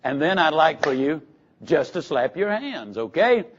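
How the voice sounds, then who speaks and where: A man's voice: fairly high pitch, big pitch swings, a little slow, slight background noise. A man giving a live motivational speech, telling folksy stories with jokes and instructions for the audience. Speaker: motivational speaker. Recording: dull lo-fi recording.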